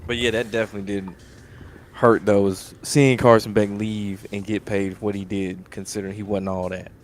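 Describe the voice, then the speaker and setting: A man's voice: lowish voice, level tone, normal speed, a little hiss or hum. Laid-back profane male sports podcaster. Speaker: podcast host. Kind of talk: casual sports chat.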